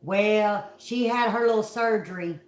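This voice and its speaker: A woman's voice: medium pitch, measured pace, reverberant. A middle-aged woman from Kentucky with a Southern accent, telling a story to her viewers in a folksy, dramatic way. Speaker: vlog host.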